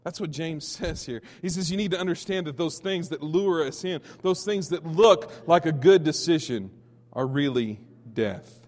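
A man from Texas preaching a sermon as pastor, telling stories with many restarts and sudden loud peaks. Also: a little high, lively intonation, normal speed, big-room sound.

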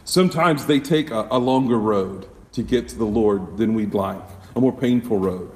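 A man's voice: on the low side, normal speed. A man preaching a sermon as a pastor, conversational, with rhetorical questions and frequent self-corrections. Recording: echoey hall, mic at a distance.

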